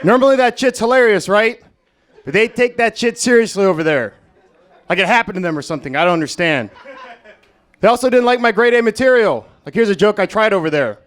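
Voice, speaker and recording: A young American man doing a stand-up set at an open mic, in a crude, deadpan, self-mocking style. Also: high voice, fairly quick. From United States. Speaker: stand-up comedian. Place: comedy club stage, Las Vegas.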